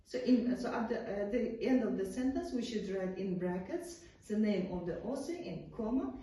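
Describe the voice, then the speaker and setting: Speaking animatedly at normal speed in a dark, mid-range voice, an Uzbek-accented woman teaches an English class, frequently saying "uh-huh" and asking students "yes?" The mic is far away in an echoey room.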